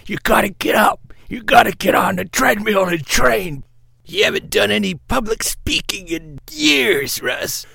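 A man's voice: high voice, expressive, measured pace, creaky, bright, forceful tone, husky, no echo, pitched above the performer's own voice, full character voice. A man voicing a pushy old male boxing trainer who barks urgent orders. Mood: urging. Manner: barking, pushy coaching.

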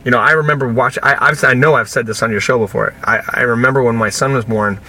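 A man's voice: mid-range voice, quick pace, few pauses, faint music behind. A man talking as a guest in a casual interview, telling stories animatedly and acting out the people he quotes. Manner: animated storyteller who acts out the people he quotes. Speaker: podcast guest, author and speaker.

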